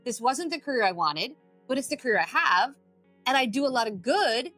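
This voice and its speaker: Bright-voiced woman telling lively stories. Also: fairly high pitch, fairly quick, soft background music. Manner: animated storytelling, acts out her own inner voice, swears freely. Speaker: addiction recovery expert and podcast guest. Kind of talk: casual podcast interview.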